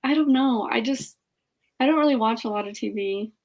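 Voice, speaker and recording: A woman in an easygoing livestream conversation, her voice fairly high. She talks tentatively and fills her sentences with "like" as she finds her words. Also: a little fast. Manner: hesitant, lots of "like". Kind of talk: casual chat on a livestream.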